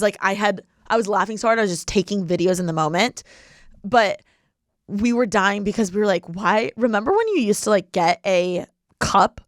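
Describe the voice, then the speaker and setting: Recorded in studio quality without any room sound, a young woman in her twenties chats casually as a podcast host. She lives in LA, has a mid-range voice, and comes across bubbly and giggly with plenty of filler words.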